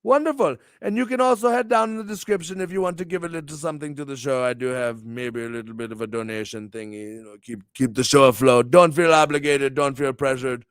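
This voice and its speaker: A young man hosting a morning stream with a bombastic, theatrical promo style, swinging his pitch and volume wildly. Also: steady tone, quick pace, hardly any pauses, clear, resonant tone, no echo, studio quality. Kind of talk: hyped-up wrestling promo chat.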